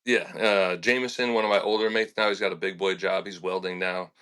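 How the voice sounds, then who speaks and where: A young man tells fishing stories in a casual podcast chat. He talks in a lowish but bright, forceful voice. He acts out what people said and laughs often. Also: a little fast, clean tone. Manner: animated and laughing, with lots of fillers and acted-out quotes. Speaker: fishing charter captain. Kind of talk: casual storytelling in a podcast interview.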